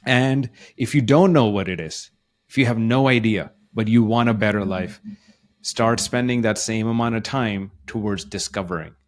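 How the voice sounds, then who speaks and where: A podcast co-host who works as a life coach speaks at a moderate pace in a fairly low voice. In casual conversation, he offers encouraging, motivational advice.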